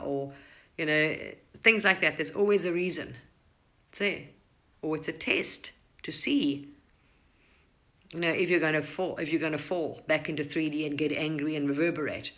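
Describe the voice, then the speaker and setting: A middle-aged woman hosting a casual live stream, rambling gently through spiritual advice with frequent restarts. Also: sits low, moderate pace, rough recording. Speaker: livestream host.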